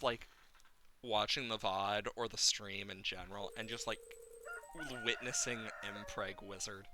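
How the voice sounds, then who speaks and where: A man live-streaming a farming game, rambling playfully and getting excited. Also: fairly low pitch, a little hiss or hum.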